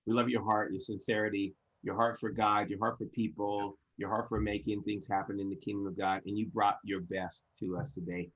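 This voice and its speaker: A man's voice: on the low side, level tone, fairly quick, hardly any pauses, fairly bright tone, slightly rough, muffled recording. A man hosting an online business event, heaping praise and blessings on his guest in a fervent motivational style, often restarting and repeating his phrases. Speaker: host.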